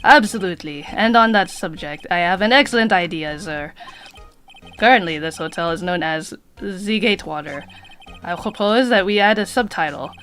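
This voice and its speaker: A woman's voice: lowish voice, normal speed, fairly bright tone, soft background music, close to an everyday voice. Woman doing a pompous French bellboy. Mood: showy. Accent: put-on French. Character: fawning young male hotel bellboy, odd.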